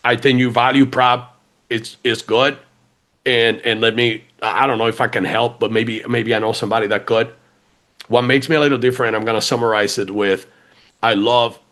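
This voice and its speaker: A man with a noticeable accent, talking as a guest on a business podcast. He is chatty and repeats words as he restarts his thoughts. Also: mid-range voice. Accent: funky accent, non-native. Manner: chatty, animated, many restarts. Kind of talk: casual interview chat.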